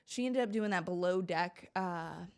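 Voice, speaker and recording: A woman's voice: on the low side, unhurried. A young woman from Central Florida, a podcast guest, telling rambling stories in casual chat and laughing often. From Central Florida, USA.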